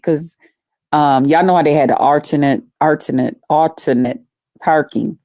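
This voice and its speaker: A woman vlogger telling a story casually to her viewers, animated and profane. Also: deep voice, unhurried, dry recording, studio quality.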